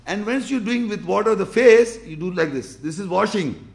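Gravelly high-voiced man teaching. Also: expressive, moderate pace. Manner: emphatic, repetitive, demonstrates with gestures. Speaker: Islamic teacher. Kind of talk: explanatory religious lesson with demonstration.

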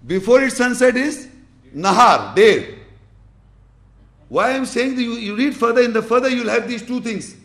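A man's voice: very high voice, lively intonation, normal speed, long pauses, fairly bright tone, echoey room. A man teaching a religious lesson, quizzing his class and demonstrating with his hands.

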